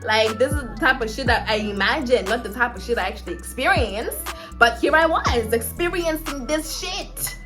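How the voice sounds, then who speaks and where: Young woman from africa chatting a storytime, fairly high voice, clear music under it. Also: lively intonation, moderate pace. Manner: chatty, lots of fillers and asides. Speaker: vlogger. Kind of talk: casual storytime.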